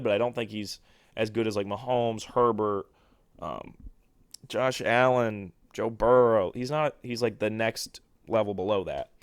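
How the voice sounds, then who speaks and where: A young man hosting a solo sports podcast, rambling excitably and poking fun at himself. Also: medium pitch, dry recording, clean studio sound. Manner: rambling, excitable, self-deprecating. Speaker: podcast host.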